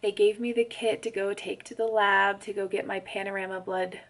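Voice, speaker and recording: A young woman telling a story in a casual vlog, chatty and quick to laugh, full of "like" fillers. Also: mid-range voice, fairly even intonation. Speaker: pregnancy vlogger.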